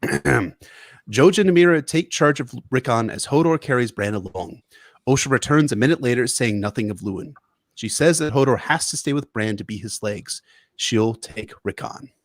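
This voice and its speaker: A man's voice: medium pitch, lively intonation, moderate pace, no room sound. A man in his young adult years, co-hosting a podcast and reading a chapter synopsis with earnest, emotional delivery. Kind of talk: book synopsis reading and chat.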